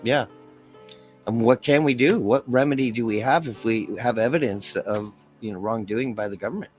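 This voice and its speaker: A man's voice: medium pitch, moderate pace, soft background music. A man from Canada hosting a podcast, easygoing and affirming in casual talk, his voice worn. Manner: easygoing, affirming, laughs often. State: voice worn, losing it. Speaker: podcast host.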